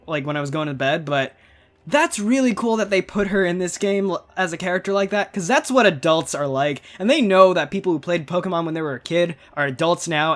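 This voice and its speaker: A man giving casual, rambling commentary while playing a game, often breaking off and restarting his thoughts. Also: a little high. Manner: rambling, chatty, self-interrupting. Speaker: gaming channel host. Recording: faint game music behind.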